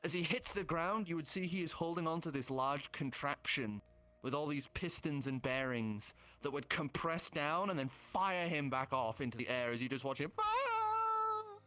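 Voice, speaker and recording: A man narrating a tabletop game as game master, casual and quick to laugh. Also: fairly high pitch. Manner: casual, laughs easily, lively descriptions.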